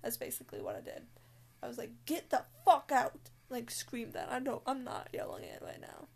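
A woman's voice: fairly high pitch, huge pitch swings, a little fast, gravelly. A young woman telling a story in casual chat, blunt and full of swearing and fillers. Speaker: scare actor.

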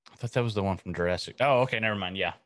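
A man co-hosting a podcast in casual chat, chiming in with quick joking quips. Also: on the low side. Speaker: podcast co-host.

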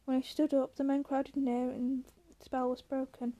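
A woman reading a novel aloud at a steady pace, now and then stumbling and correcting herself. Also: sits high, moderate pace, highs cut off. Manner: steady, with slips and self-corrections. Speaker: audiobook reader.

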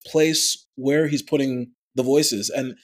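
A man, a voice actor, talking as a guest in a conversational interview, explaining with lively, demonstrative energy. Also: medium pitch, slow pace.

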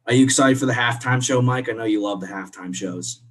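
A man's voice: mid-range voice, fairly quick. Chatty upbeat guy co-hosting a podcast. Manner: chatty, upbeat, drifts into laughs. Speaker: podcast co-host. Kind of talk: casual chat.

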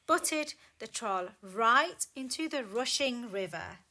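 A woman reading a children's story aloud, with a slow, lively and animated delivery. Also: on the high side.

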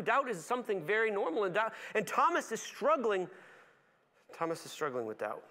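Animated high-voiced male pastor preaching. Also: fast talker. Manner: animated, acts out voices of characters with big pitch swings; drops to a soft, low reflective tone at times. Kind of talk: sermon.

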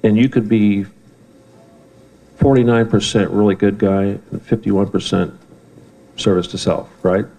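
A man's voice: fairly low pitch, fairly even intonation, a little slow, long pauses, dark tone, poor audio. A man giving a rambling, heated talk to a live audience in an event room, often swearing and bantering with the crowd.

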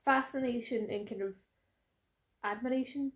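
Chatty Scottish woman, slightly high voice. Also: highs cut off. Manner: chatty, teasing, quick to laugh along. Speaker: podcast co-host. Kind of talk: casual chat.

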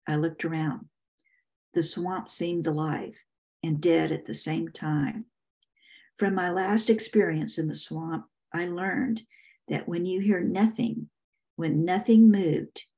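Slow, low-voiced older woman narrating. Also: mellow. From Texas, US. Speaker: author reading her novel. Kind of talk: first-person audiobook narration.

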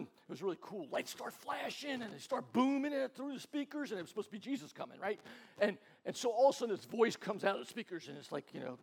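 A pastor with a high, light male voice preaching in a relaxed, conversational way. He tells stories and acts out other people's lines, stumbling and repeating words as he goes. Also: vocal fry, slightly rough. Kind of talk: casual sermon storytelling.

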